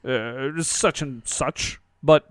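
Man doing a pompous elderly British actor, put-on British accent, smooth voice, dry sound. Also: medium pitch, fairly even intonation, very slow, no echo. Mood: indignant. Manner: pompous, stammering. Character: impression of an elderly British actor, fussy and indignant.

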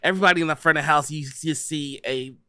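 A man narrating a tabletop role-playing game as game master, with a lively way of talking. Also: on the high side, fast, dry recording, studio quality. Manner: lively, breaks into shouted voices for characters.

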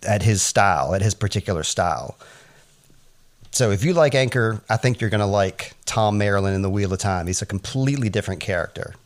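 Chatty man hosting a TV recap podcast. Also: fairly low pitch. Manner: chatty and animated, with laughs and asides. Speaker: podcast co-host.

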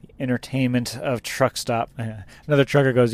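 A man's voice: medium pitch, fairly even intonation, moderate pace. A man who drives a truck, chatting casually and rambling about his day on the road. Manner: rambling, laughs at own story. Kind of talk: casual chat.

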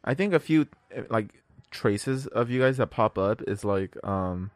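Animated young man chatting on a podcast. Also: on the low side, measured pace, no room sound. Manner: animated, playful, swears casually. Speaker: podcast co-host. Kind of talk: casual chat among friends.

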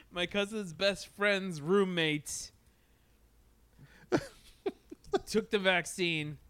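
A man's voice: high voice, extremely slow, long pauses, fairly bright tone, clear, resonant tone, no room sound. A man co-hosting a casual podcast chat, laid-back and joking, with many fillers.

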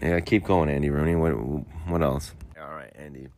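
Here a brisk, darkish bass voice with fairly even intonation belongs to a homeless podcaster who is tipsy and drinking beer outdoors. His casual, rambling monologue is a sarcastic personal story about a police ticket, with occasional mumbling.

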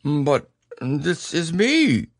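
A man voicing a slow, gruff male teddy bear in a storybook reading. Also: huge pitch swings, darkish tone, no echo, clean studio sound, exaggerated voice. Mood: puzzled. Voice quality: low, slow, different timbre.

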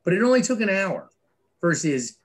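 A man's voice: high voice, big pitch swings, normal speed. A middle-aged man, a guest speaking candidly in an interview, with many restarts and fillers as he tells stories animatedly. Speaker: guest, author and former Wall Street trader.

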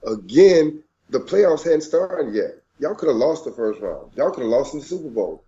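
A man's voice: medium pitch, big pitch swings, moderate pace, warm tone, lo-fi sound. A man earnestly speaking to listeners about faith in a casual talk. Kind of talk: casual chat.

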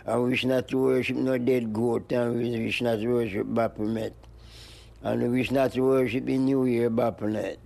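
An older man, an interview guest, rambling in slow looping phrases and breaking into high-pitched animal noises. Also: flat delivery, gravelly, a little mellow. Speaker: interview guest, music producer. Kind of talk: rambling stream-of-consciousness chat.

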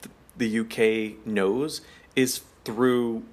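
A man's voice: on the low side, fairly even intonation, extremely slow. A man co-hosting a casual podcast. He talks loosely and chattily, full of fillers and easy laughter. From United States. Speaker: podcast co-host. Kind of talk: casual chat.

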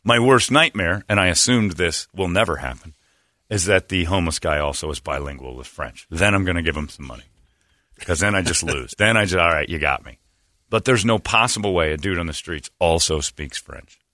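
A man's voice: sits low, expressive, fairly quick, sharp tone, dry recording, clean studio sound. A man on a casual comedy podcast, telling a rambling self-mocking story and acting out voices.

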